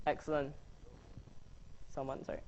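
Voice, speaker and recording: A man's voice: normal speed, a little mellow, muffled recording, slight background noise. A man coaching a debating workshop, chatty and joking as he quizzes his audience. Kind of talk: casual workshop presentation.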